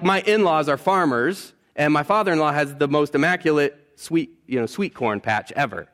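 Animated pastor, slightly high male voice. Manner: conversational preaching, animated, asks the congregation questions. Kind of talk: sermon.

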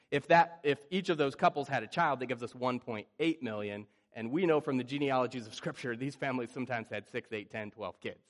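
A middle-aged pastor with a medium-pitched voice delivers a sermon in an animated, conversational style. He often acts out panicked voices and keeps restarting his phrases.

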